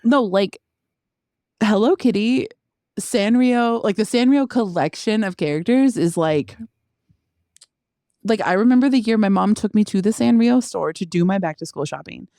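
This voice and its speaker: A young woman co-hosting a casual podcast, animated and laughing often as she chats. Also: medium pitch, moderate pace, dry recording, clean studio sound. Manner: excitable, laughs a lot, animated disbelief. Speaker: podcast co-host. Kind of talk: casual chat.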